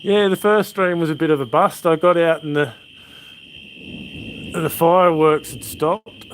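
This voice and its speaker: Chatting with his live viewers outside after dark, a middle-aged Australian livestreamer meanders through stories like an easygoing mate. His fairly high voice has fairly even intonation and an unhurried pace. The rough recording carries some hiss or hum, with insects and crickets chirping behind him.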